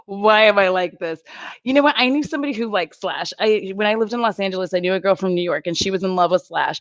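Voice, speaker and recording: A woman's voice: mid-range voice, fast talker, dry recording, dull audio. A woman chatting casually with her viewers on a live stream, rambling and giggling between thoughts. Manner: giggly, rambling, lots of fillers. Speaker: YouTuber chatting with live chat.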